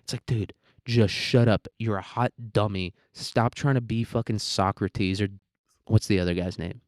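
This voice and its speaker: A man's voice: fairly low pitch, fairly even intonation, normal speed, darkish tone, no room sound, clean studio sound. Profane, ranting young American man. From United States. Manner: profane, ranting, rambling with frequent fillers. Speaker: podcast host. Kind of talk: solo podcast rant.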